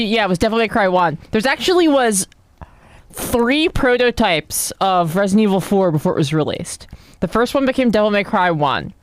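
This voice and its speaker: A woman's voice: fairly low pitch, dry recording. Woman, game streamer, casual chatty joking, dry close sound.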